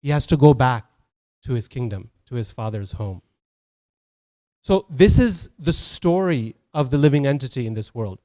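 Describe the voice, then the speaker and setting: A man's voice: on the high side, animated, moderate pace. A man giving a Sunday sermon as a temple speaker, telling stories conversationally, with many fillers and restarts.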